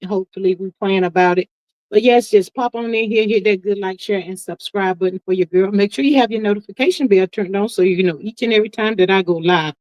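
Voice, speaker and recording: A woman's voice: medium pitch, a little mellow, no room sound. A middle-aged woman hosting a live stream in a casual, folksy chat, reading viewer comments and calling everyone honey and child. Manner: chatty, emphatic, drawn-out asides. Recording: dry, slightly muffled lo-fi sound.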